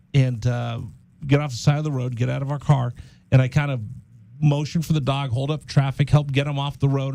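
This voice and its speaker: A man hosting a casual radio talk show, telling a story in an animated way in a studio. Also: medium pitch, vocal fry, dry recording. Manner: animated storyteller, acts out quoted voices.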